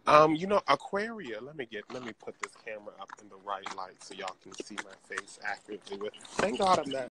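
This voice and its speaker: A man's voice: lowish voice, sing-song, fast, few pauses, noisy background. A man, a drag performer, chatting casually and sassily to viewers on a live stream while shopping in a large craft store, talking into a handheld phone. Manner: chatty, sassy, addresses viewers as y'all.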